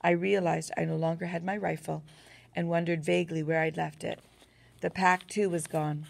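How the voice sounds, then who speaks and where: A woman narrates a first-person novel as an audiobook. Her voice sits low, with a gravelly edge. Her reading is steady and earnest, and it rises only when the tension does. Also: moderate pace.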